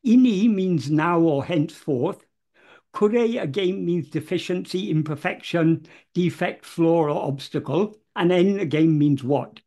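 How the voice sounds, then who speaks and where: A man explaining a devotional verse word by word in an unscripted talk, measured and careful, often pausing on fillers and correcting himself. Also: a little high, warm tone.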